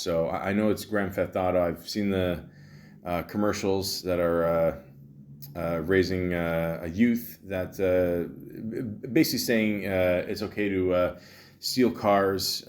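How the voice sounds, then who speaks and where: A man in his forties with a lowish voice tells a story as a podcast host. He rambles and jokes wryly, stumbling over fillers and restarting his sentences as he goes. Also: fairly even intonation, unhurried. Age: 40s. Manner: rambling, full of fillers and self-corrections, wry and jokey. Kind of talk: casual storytelling monologue.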